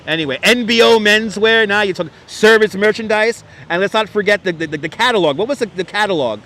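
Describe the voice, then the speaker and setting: A man's voice: high voice, fast, few pauses, a bit bright, a little hiss or hum. A man with a New York accent hosting a live stream outdoors, chatting casually, reading out comments, reminiscing and laughing often. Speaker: livestream host. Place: outdoors on a city street. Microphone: wireless clip-on mic.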